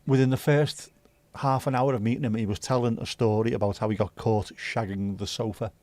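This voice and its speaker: Laid-back sweary livestream host. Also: male voice, medium pitch, fairly even intonation, a little fast, a little mellow, no room sound. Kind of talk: casual chat reading viewer comments.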